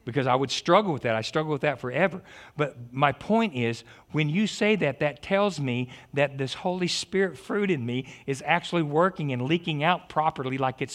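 A man preaching a lively sermon, joking, stammering and restarting his sentences. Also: sits high. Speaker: pastor.

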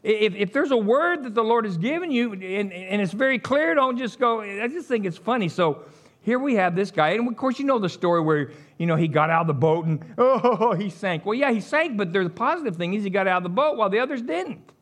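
Animated preacher man. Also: sits high, a little fast. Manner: animated storytelling with chuckles. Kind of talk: sermon.

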